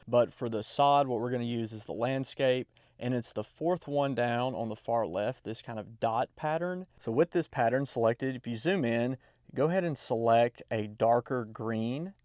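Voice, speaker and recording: Man calmly explaining a drawing tutorial. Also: medium pitch, clear, resonant tone, dry recording, clean studio sound. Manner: relaxed, explains step by step with fillers. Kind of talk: screen-recorded drawing tutorial.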